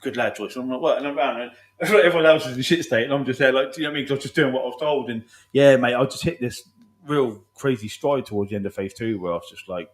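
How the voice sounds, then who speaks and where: Fast-talking man, echoey room. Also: medium pitch. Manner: swearing, laughing army anecdotes. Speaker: podcast host. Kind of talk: casual storytelling chat.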